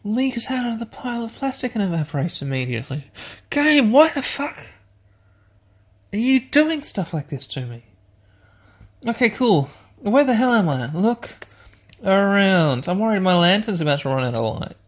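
A man's voice: sits high, sing-song, moderate pace. A man hosting a let's-play podcast, rambling and self-mocking as he plays a text adventure and talks to his listeners. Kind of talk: casual let's-play commentary.

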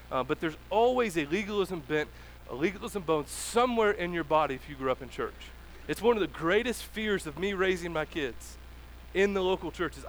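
A man in his thirties preaching a conversational sermon as pastor, casual and animated, acting out little dialogues. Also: high-pitched, a little hiss or hum.

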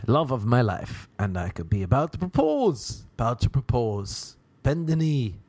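A young Irish man performing a stand-up comedy monologue, animated, and often jumping high in pitch when acting out other people. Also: unhurried, few pauses, dry recording. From Ireland.

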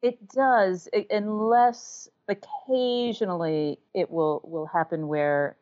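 A woman's voice: mid-range voice, fairly even intonation, slow, a little mellow. A woman from the American South, an audiobook narrator and author, talking candidly and chattily in an interview, with a self-deprecating manner. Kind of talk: casual interview conversation. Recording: dull lo-fi sound.

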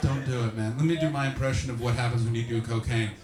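A man doing stand-up comedy, loudly and profanely teasing audience members. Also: medium pitch, steady tone, quick pace, faint music behind. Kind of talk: stand-up crowd work. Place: comedy club before a live audience. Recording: echoey club with loud crowd.

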